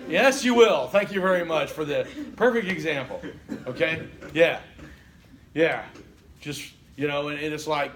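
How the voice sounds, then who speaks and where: A man teaching a college class, animated and joking, often checking in with the room. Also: on the high side, background noise. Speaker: college instructor. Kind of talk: classroom lecture.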